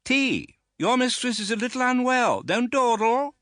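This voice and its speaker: A brusque, imperious older aunt snaps out orders in a voice pitched far above a man's usual range, as a male narrator puts her on. Her speech is clipped and indignant, rising and falling sharply in an audiobook reading. The sound is close and dry. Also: lively intonation, a little slow, fairly bright tone, no echo, full character voice.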